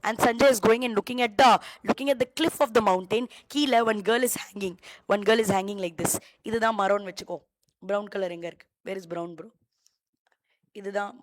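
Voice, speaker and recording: Rapid-fire Indian woman teacher. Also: mid-range voice, rough recording. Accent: Tamil-influenced Indian English. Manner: repeats phrases, quizzes students by name. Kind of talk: classroom law lecture.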